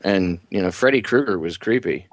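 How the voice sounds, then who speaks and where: A man co-hosting a casual podcast, blunt and excitable, with stammering restarts. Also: low voice, moderate pace, no room sound. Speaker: co-host.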